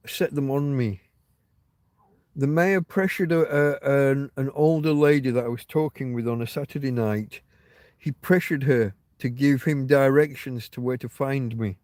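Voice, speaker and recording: A man chats loosely on a livestream, rambling through stories with a wry, profane edge. His voice sits at an ordinary middle pitch. The sound is dry and close, with no room echo. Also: darkish tone. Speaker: livestream host. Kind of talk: casual livestream chat. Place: outdoors on private land.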